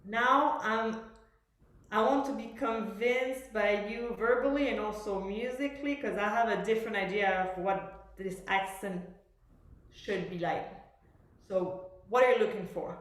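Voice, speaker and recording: A woman's voice: medium pitch, a little slow. A woman teaching a master class, coaching a student and explaining at length, often searching for words. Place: music school room. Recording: very echoey room.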